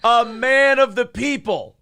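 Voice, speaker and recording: A man's voice: very high voice, takes it slowly, vocal fry, pushed and bright, smooth, no room sound. A man co-hosting a morning talk show, chatting casually, joking, swearing and reading out viewer comments. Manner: loose, swearing, jokey, reads viewer comments aloud. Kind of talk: casual chat.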